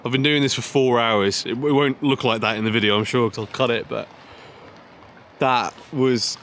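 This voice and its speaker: A man's voice: medium pitch, fairly even intonation, moderate pace, fairly bright tone, a little hiss or hum. A young man talking casually to the camera as he fishes and hikes by a lake, chatty and self-mocking, often talking to the fish. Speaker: outdoor vlogger. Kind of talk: casual talk to camera while fishing and hiking. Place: outdoors by a lake. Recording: music playing behind the voice.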